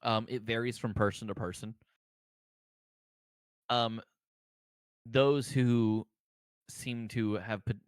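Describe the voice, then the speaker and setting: A man's voice: lowish voice, no echo. A man narrating a tabletop game as game master, hesitant, with many ums and restarts.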